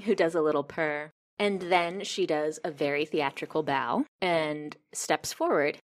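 A woman's voice: sits low, a little slow, few pauses. A woman acting as game master, narrating a tabletop scene in a chatty way with fillers.

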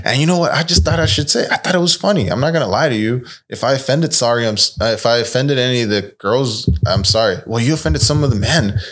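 A man's voice: medium pitch, fast talker, few pauses, a bit bright. A young man, a podcast guest, telling a story in casual chat, acting out the voices of the people in it and swearing freely.

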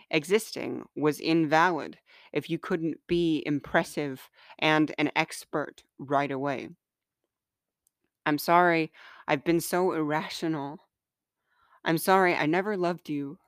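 A woman reading her own book aloud, slow and earnest, in a smooth, soft-spoken voice. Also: low voice, no room sound, clean studio sound.

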